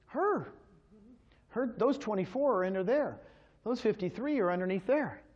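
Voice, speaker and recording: A man giving an energetic, motivational sales presentation at a real estate agents' meeting, quizzing his listeners with questions. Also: high-pitched, normal speed, dull audio.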